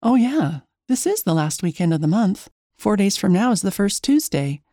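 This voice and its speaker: A woman's voice: mid-range voice, sing-song, normal speed, mellow, no room sound, studio quality. A woman narrating a first-person story in a chatty, wry, self-mocking way.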